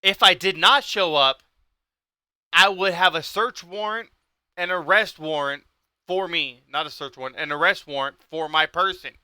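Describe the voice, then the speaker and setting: A man's voice: fairly high pitch, moderate pace, pushed and bright, clean tone, no room sound. A man hosting a livestream, talking in an intense, heated way that builds into a rant. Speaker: livestream host. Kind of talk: livestream talk.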